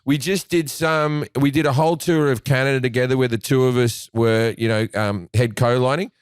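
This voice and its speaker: A man's voice: mid-range voice, steady tone, brisk, clean tone, no echo, studio quality. A man, a comedian guest, telling crude anecdotes in casual chat, often restarting his phrases. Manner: profane storyteller, restarts phrases, acts out quoted voices.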